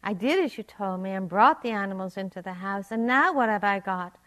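A woman's voice: mid-range voice, expressive, brisk, a bit bright, natural voice. A woman telling of a desperate poor man. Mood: pleading. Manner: pleading, lamenting.

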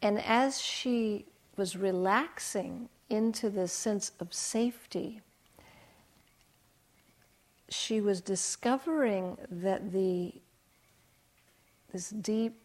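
A woman meditation teacher giving a dharma talk, speaking gently and often dropping to a soft hush as she retells a guided session. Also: medium pitch, extremely slow, pauses often. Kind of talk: dharma talk with retold dialogue.

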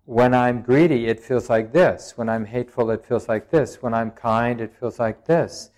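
A man at a middle pitch teaches meditation in a dharma talk. He speaks plainly and reflectively, feeling his way through each thought with frequent pauses and a light touch of humour. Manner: plain-spoken and gently humorous.

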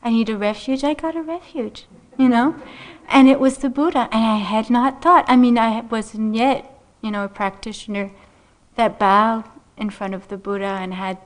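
A middle-aged woman meditation teacher telling a personal story in a dharma talk, unhurried and gentle, laughing softly often. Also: a little high. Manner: unhurried, gentle, frequent soft laughs and "you know".

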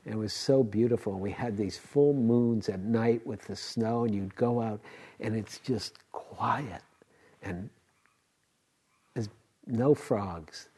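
An older meditation teacher gives a dharma talk in a low, warm voice. He tells his stories in a loose, rambling way, often restarting his sentences and breaking into soft laughs. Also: slow pace, slightly rough.

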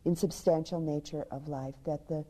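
A woman meditation teacher giving a dharma talk. She tells a teaching story softly and drops into hushed, half-whispered passages. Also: sits low, fairly even intonation, normal speed, breathy edge.

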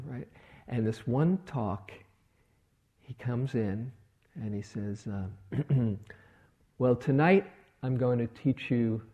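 A middle-aged man giving a relaxed dharma talk as a meditation teacher, telling stories and acting out the people in them. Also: fairly low pitch. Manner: relaxed storytelling with quoted voices. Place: retreat hall.

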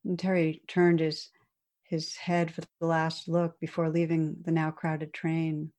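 A woman meditation teacher telling a story in a dharma talk, gentle and unhurried, with soft pauses. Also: sits low, completely flat delivery.

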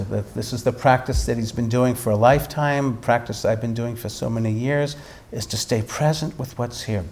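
A man, a meditation teacher, telling a story in a dharma talk with animated delivery and frequent restarts. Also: medium pitch.

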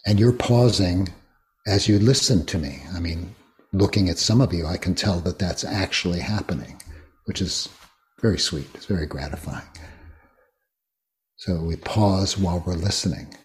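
An older man guiding a meditation talk, speaking slowly and gently with many long pauses. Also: sits low. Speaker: meditation teacher. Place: retreat hall.

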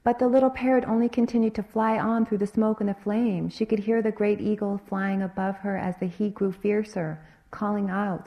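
A woman meditation teacher telling a dharma story in an expressive, rhythmic way. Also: mid-range voice, normal speed, gravelly, few pauses, muffled recording.

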